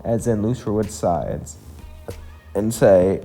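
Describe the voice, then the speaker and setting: Low-voiced man narrating a fan story. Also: measured pace, long pauses, mellow, faint music behind. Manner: plain, repetitive storytelling.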